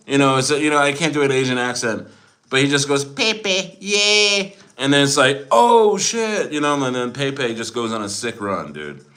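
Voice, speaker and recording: Young man, casual livestream host, bright and forceful tone, joking, rambling, laughs a lot. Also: medium pitch. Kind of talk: casual livestream chat reading viewer comments.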